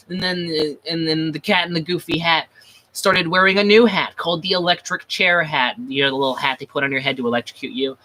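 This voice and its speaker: A man's voice: a little high, fairly quick, pushed and bright. A man chatting casually on a livestream, rambling with many restarts, crude and self-mocking. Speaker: livestream host.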